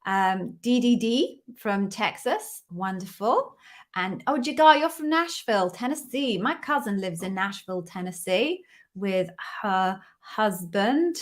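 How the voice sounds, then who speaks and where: A woman's voice: mid-range voice, lively intonation, measured pace. Woman host, playful and chatty, welcomes viewers by name on a live stream, mid-range voice, computer mic at home. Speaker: host of live Q&A stream, former interview bar raiser. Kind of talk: casual live-stream chat. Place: room at home. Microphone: computer microphone.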